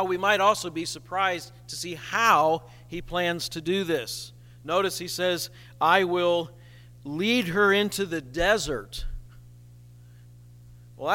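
Slow, bright-voiced preaching man. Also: a little high, in a large hall. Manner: slow, emphatic preaching with dramatic pauses. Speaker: pastor. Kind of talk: sermon.

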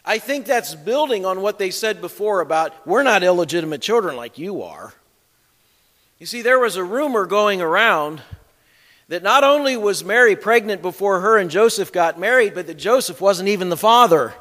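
Bright-voiced man preaching in a hall. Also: sits high, expressive, moderate pace. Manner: emphatic, reads scripture aloud with commentary. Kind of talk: expository sermon.

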